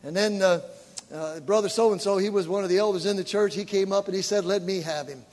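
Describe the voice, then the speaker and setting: A man's voice: high voice, fairly even intonation, quick pace, darkish tone, in a large hall. A man preaching a sermon, telling stories and acting out the voices of the people in them, building his points with repetition.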